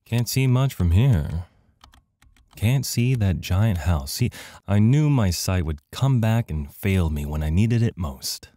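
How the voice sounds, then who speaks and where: A man with a fairly low, dark-toned voice speaks slowly but animatedly while doing let's play commentary on an adventure game. He jokes at his own expense and reads the game text aloud.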